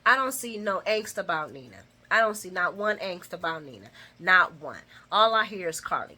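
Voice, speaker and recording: A woman hosting a casual soap opera recap, animated and laughing, with dramatic exclamations. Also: lowish voice, moderate pace, few pauses.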